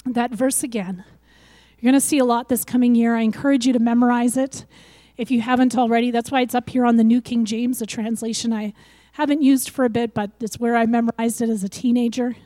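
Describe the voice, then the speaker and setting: An older woman giving a sermon, lively and acting out the voices she quotes. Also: on the high side, a little fast, dry recording. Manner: animated, acts out quoted voices. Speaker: preacher.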